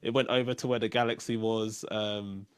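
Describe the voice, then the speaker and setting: A man hosting a casual chat, sharing memories with many pauses and fillers. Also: on the low side, level tone, crowd noise. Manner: hesitant, many fillers and restarts, soft-spoken. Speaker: podcast host.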